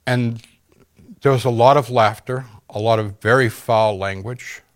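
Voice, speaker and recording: A man giving an earnest, halting personal testimony in an interview, pausing often and using fillers. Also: mid-range voice, fairly even intonation. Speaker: interview guest.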